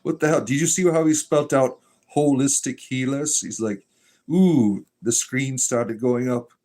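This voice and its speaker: A man's voice: mid-range voice, fairly even intonation, moderate pace, a little mellow. A man hosting a casual livestream, reading chat messages aloud in a joking, irreverent way and laughing often.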